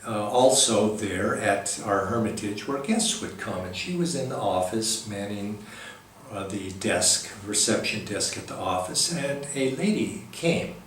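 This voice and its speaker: A man gives a spiritual talk, easing through a story in a gentle, halting way with many pauses. His voice carries from a distance through a very echoey hall, with a faint hum of room ambience behind him. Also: lowish voice, expressive. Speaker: spiritual teacher.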